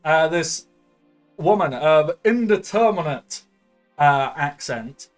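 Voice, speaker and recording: A man's voice: a little high, lively intonation, slow, soft background music. A man as game master narrating a tabletop game, chatty and loose with many fillers.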